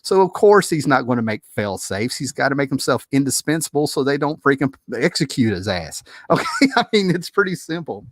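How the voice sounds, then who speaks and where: A man hosting a casual movie commentary video, talking in an animated, exasperated, rambling way with frequent restarts and laughs. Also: medium pitch, fairly quick, hardly any pauses, dry recording, clean studio sound.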